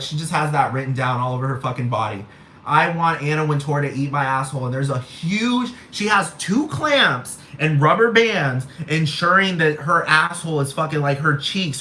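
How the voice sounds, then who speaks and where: A man on a profane, animated comedic rant with a fairly high voice, breaking into laughter often. The room gives his voice a clear echo, with faint noise underneath. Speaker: vlogger.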